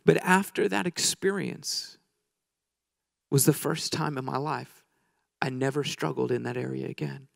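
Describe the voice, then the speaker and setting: A man's voice: medium pitch, very animated, moderate pace, vocal fry, pauses often, no echo, clean studio sound. A man preaching a sermon in a conversational, joking way, telling a story and acting out the people in it. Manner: conversational, joking, acts out quoted voices.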